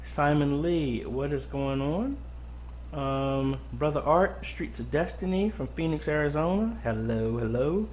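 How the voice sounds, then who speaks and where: A man's voice: on the high side, unhurried, darkish tone, a little hiss or hum. A man hosting a casual weekly live-stream Q&A from a home studio, greeting viewers by name with lots of ums. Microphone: boom-arm mic close up.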